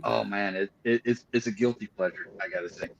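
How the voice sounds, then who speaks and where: A man guesting on a podcast, telling personal stories in a lively, confessional way. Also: lowish voice, fairly quick, gravelly, slight background noise. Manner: animated, confessional storytelling. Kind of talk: casual chat. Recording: dull lo-fi sound.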